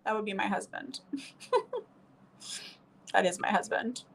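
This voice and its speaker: A woman's voice: medium pitch, steady tone, unhurried, gravelly, a little hiss or hum, poor audio. A young woman from New Orleans chatting casually and laughing while she does her makeup on a stream. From New Orleans, USA.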